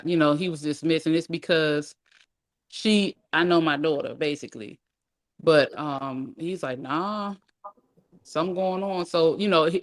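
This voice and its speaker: Even-pitched, dry-recorded speaker, hesitant. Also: dry recording. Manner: thoughtful, hesitant with fillers. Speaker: book discussion guest. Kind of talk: casual discussion.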